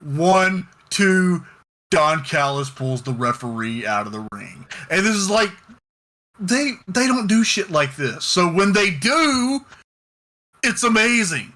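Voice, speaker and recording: Excitable high-voiced man recapping wrestling. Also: measured pace. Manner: excitable, swears, gets loud recapping. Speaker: podcast co-host. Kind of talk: casual wrestling review chat.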